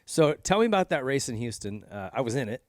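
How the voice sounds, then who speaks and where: A man's voice: medium pitch, sing-song, quick pace, dry recording, clean studio sound. A man hosting a casual podcast interview, chatting along and prompting his guest with details of his own. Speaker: podcast host.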